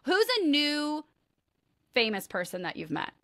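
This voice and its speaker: A woman's voice: high-pitched, sing-song, a little slow, bright, forceful tone, dry recording, clean studio sound. A woman hosting a podcast, chatting casually with a friend, telling stories and laughing often. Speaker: podcast host.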